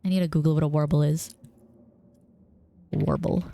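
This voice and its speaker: A woman streaming a story game live, reacting out loud, excitable and swearing as she plays. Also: low-pitched, moderate pace, no echo. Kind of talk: live let's play commentary.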